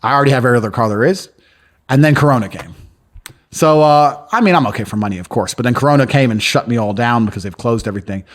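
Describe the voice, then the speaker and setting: A podcast guest from London talks at a quick pace in a medium-pitched voice. In casual chat, he spins boastful, crude, brash tales and performs the lines of the people in them.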